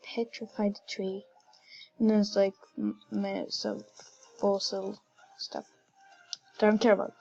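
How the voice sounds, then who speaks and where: Slow-talking woman game commentator, giggly and gushing, dull recording. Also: medium pitch, level tone, darkish tone, soft background music. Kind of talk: casual gameplay commentary.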